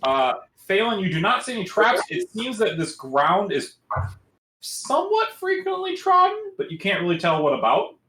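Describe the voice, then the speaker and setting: A man's voice: high voice, wildly swooping pitch, normal speed, sharp tone, echoey room, a little hiss or hum, low-quality recording. A man narrating as game master in a loose, casual way, full of fillers.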